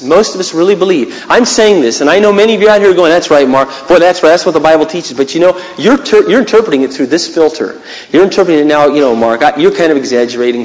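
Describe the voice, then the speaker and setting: A male preacher giving a conversational sermon, animated and acting out little scenes. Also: high voice. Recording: long hall reverb.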